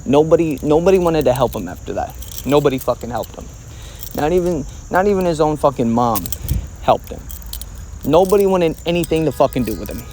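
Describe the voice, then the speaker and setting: A man's voice: a little high, animated, a little fast, warm tone, slight background noise. A man in a casual storytime monologue, angry, heavily profane and emphatic as he tells a family story.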